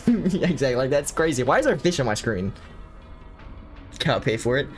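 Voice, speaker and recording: A young American man talks with his livestream chat, swearing and joking as he reads a horror game aloud. His voice sits at an everyday middle pitch. Faint music plays under him. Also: sing-song, moderate pace. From United States. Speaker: streamer.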